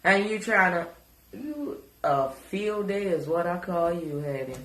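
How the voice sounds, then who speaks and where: A woman's voice: lowish voice, expressive, measured pace, echoey room. A woman giving crude, taunting reaction commentary and repeating words to mock someone. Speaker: commentary vlogger.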